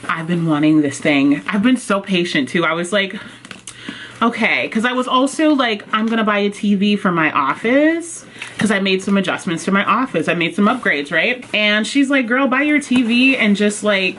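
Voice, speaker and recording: A woman book vlogger chatting casually and excitedly at home. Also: mid-range voice, a little hiss or hum. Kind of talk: casual vlog chat. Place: home office, indoors.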